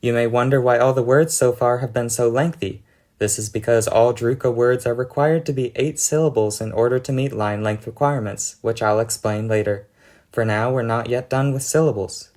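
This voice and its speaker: Guy reading a scripted conlang explainer, dry and deadpan, mid pitch. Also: normal speed. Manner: dry, mock-serious delivery. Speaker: conlang video narrator.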